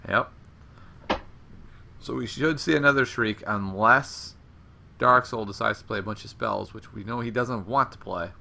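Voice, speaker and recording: A man's voice: fairly low pitch, a little slow, vocal fry, long pauses, sharp tone, slight background noise. A man casting a live card game match, chatty and analytical, laughing often. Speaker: game commentator. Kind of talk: live esports commentary.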